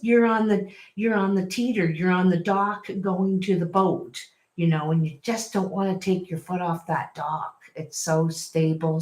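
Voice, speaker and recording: A woman giving a casual tarot reading, chatty and quick to laugh and apologize, recorded at home. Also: lowish voice. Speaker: tarot reader. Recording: echoey room.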